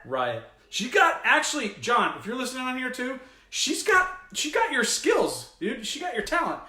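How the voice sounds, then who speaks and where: A man hosting a casual home cooking show, excitable, exclaiming and laughing often as he chats to viewers in his kitchen. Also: very high voice, normal speed, reverberant. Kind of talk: casual cooking livestream chat.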